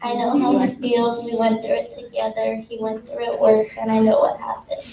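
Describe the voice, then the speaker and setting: A teenage girl reading her own poem aloud at a school event, soft-spoken with a nervous laugh. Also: on the high side, monotone, moderate pace, creaky, a crowd in the background. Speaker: student poet. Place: school auditorium. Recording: echoey hall from far off, faint noise.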